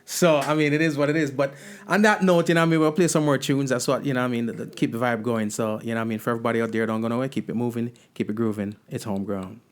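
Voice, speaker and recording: A male radio host who talks quickly in an easygoing, affirming manner. His voice sits at a middling pitch, and his show patter is casual. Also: fairly even intonation. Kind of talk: radio interview and show links.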